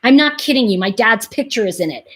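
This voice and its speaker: A middle-aged woman hosting a casual livestream, rambling through animated stories and talking straight to her viewers. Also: a little high, quick pace. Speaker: host.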